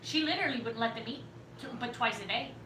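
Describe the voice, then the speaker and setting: A woman's voice: a little high, noisy background. A young woman and mother recounting a family fight in heated casual talk, swearing often and acting out what others said. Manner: rapid storytelling, swears often, acts out quotes. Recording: echoey room, far from mic, faint ambience.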